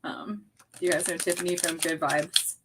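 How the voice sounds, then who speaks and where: A woman's voice: on the low side, little pitch movement, normal speed, heavy background noise. A middle-aged woman co-hosting a casual late-night live stream, bubbly and chatty, pulling tarot cards and laughing often.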